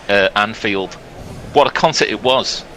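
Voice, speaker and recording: A male cricket commentator giving brisk, upbeat ball-by-ball commentary and laughing easily. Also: on the low side, pushed and bright, a little hiss or hum, rough recording.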